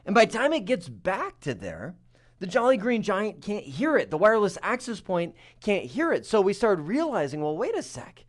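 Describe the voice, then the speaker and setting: Male instructor, higher-pitched and very lively, casual, acts out his examples. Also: moderate pace. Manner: animated, acts out examples in voices; conversational, uses "right?" and "you know". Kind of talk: technical lecture.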